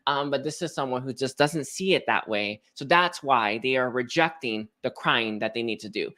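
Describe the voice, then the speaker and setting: A man's voice: mid-range voice, moderate pace, pushed and bright. A man giving a casual, rambling spiritual reading, chatting to viewers with lots of fillers and restarts. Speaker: spiritual card reader.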